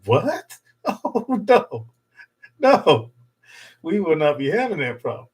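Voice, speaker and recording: Speaking slowly in a slightly high, sing-song, husky voice, a middle-aged channel host chats with viewers on a home livestream via a desktop USB mic. He rambles, cracks jokes and laughs often.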